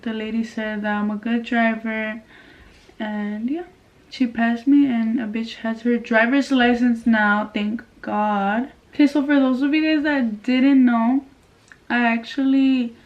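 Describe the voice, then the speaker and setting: A woman's voice: a little high, dull audio. A young woman from California telling a casual storytime, chatty and swearing freely as she acts out what people said. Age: young adult. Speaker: vlogger.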